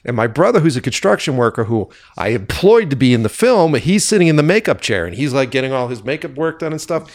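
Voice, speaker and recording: Animated man telling a film-set story. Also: mid-range voice, fast talker, dry recording, clean studio sound. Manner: animated storyteller who swears freely and acts out quoted dialogue. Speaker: filmmaker guest. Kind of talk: casual anecdote telling.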